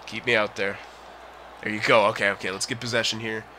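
A young man commentating his own hockey video game, frustrated, yelling at teammates and sighing. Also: on the low side, little pitch movement, a little fast, slight background noise. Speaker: gaming channel host. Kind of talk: live gameplay commentary.

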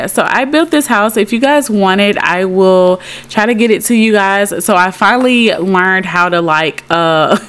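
A woman's voice: mid-range voice, fairly bright tone, clean tone. A young woman giving casual, giggly commentary over a life-simulation game, chatting to her viewers. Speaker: Sims let's play creator.

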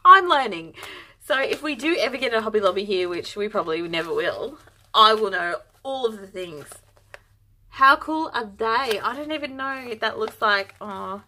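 A woman's voice: mid-range voice, lively intonation, moderate pace, bright, forceful tone. Bubbly, gushing woman unboxing yarn. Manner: bubbly, gushing, easily overexcited. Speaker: yarn vlogger. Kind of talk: casual unboxing chat.

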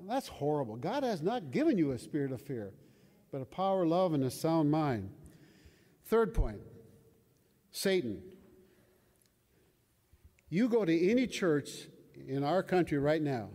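A man's voice: on the high side, sing-song, a little slow, pauses often, warm tone. An older man preaching a sermon in a conversational way, often asking his listeners questions. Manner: conversational, asks the audience questions. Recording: long hall reverb.

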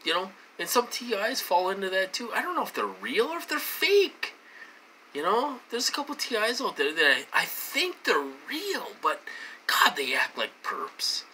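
An adult from the United States ranting into the camera, voice swinging up and down as the frustration builds. The tone is sharply bright and piercing, with repeated words and curses. A faint hum of room ambience sits behind the voice. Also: huge pitch swings, moderate pace. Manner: agitated, repetitive, swears, pitch swings high when indignant. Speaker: vlogger.

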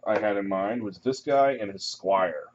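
A man running a tabletop game as dungeon master, relaxed and rambling with many pauses and ums. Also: fairly low pitch, a little hiss or hum. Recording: muffled lo-fi recording.

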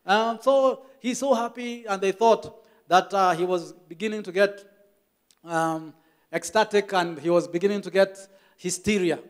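A man's voice: sits high, unhurried. A Kenyan man preaching a church sermon as the pastor, telling stories with emphatic repetition.

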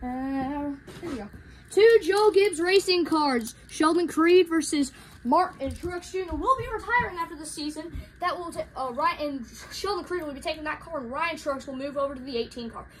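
A woman calling toy car races as commentator, rushed and excitable, rising to shouts at each finish. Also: high voice, a little hiss or hum. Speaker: race commentator. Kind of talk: hobby race commentary.

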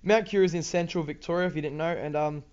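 A man's voice: on the high side, steady tone, fast, darkish tone, smooth, dull audio. A teenage boy with an Australian accent, rambling casually over gameplay with lots of ums, restarts and swearing. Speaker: gaming YouTuber.

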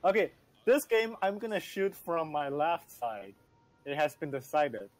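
Relaxed gamer guy, plain talk, voice a bit high. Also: unhurried, dry recording, soft background music, low-quality recording. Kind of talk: casual gameplay chat.

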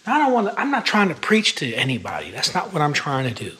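A man's voice: fairly high pitch, huge pitch swings, fast, a little hiss or hum. A man talking to camera in a reflective personal vlog, earnest and emphatic, using casual slang. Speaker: vlogger. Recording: music playing loudly behind the voice. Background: background music.

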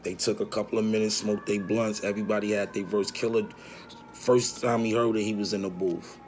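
A man's voice: on the low side, flat delivery, a little fast, a little mellow. A man casually telling a story in slang, acting out what people said, with faint background noise. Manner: slangy, acts out quoted dialogue.

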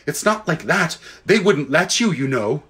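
A man's voice: on the high side, expressive, measured pace, fairly bright tone, voice pushed up. A man voicing a flustered young boy who stammers and pleads nervously.

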